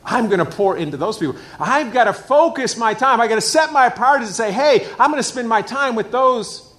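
A middle-aged man with a fairly high voice preaches a sermon. He speaks with emphasis and drives his points home by repeating key phrases. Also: expressive, fairly quick, a bit bright. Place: church hall with a screen.

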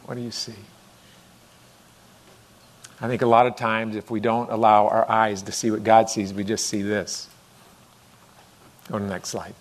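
Speaking at a normal speed with long pauses, a middle-aged pastor delivers a sermon in a fairly low, level voice. His style is conversational, and he performs character voices that grow more intense.

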